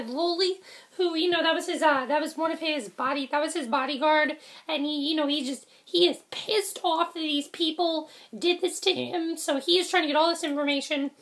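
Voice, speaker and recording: A young woman casually reviewing a TV episode, rambling with frequent ums, self-corrections and quick apologies. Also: very high voice, a bit bright.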